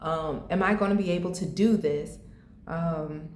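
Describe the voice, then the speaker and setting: A woman's voice: fairly low pitch, measured pace, darkish tone, roomy sound. A woman from the United States telling a personal story in a vlog, heartfelt and encouraging, close to tears at times. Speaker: vlogger.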